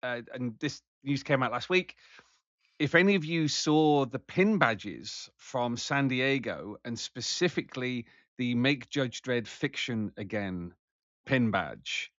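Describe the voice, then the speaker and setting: A man's voice: mid-range voice, animated, slow pace, a bit bright, dry recording. Male podcast co-host, rambling and hesitant, dry slightly dull recording. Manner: rambling, hesitant, lots of fillers and restarts. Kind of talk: casual podcast chat.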